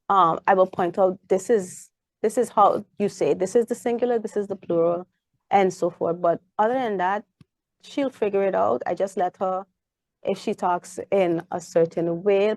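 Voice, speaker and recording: A young woman with a Caribbean English accent, chatting as an interview guest and acting out lively stories about her daughter. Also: medium pitch, normal speed, no room sound, clean studio sound. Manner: animated storyteller, acts out her child's voice. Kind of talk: casual interview chat.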